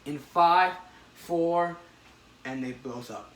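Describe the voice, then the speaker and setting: A man hosting a casual comic book chat, retelling a story with excitement and many restarts. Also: a little high, slow, distant mic. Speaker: podcast host. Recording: echoey room, faint noise.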